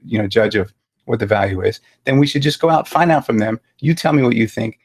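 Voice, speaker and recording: A man hosting an interview, replying in quick bursts and listing ideas in a row. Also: mid-range voice, expressive, slightly rough. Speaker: host. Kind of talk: conversational interview.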